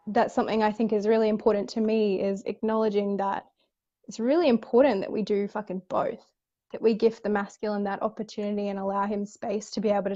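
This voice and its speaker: A woman's voice: mid-range voice, darkish tone, dull audio. A woman hosting a casual spiritual chat, talking earnestly with casual swearing and frequent restarts. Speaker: host.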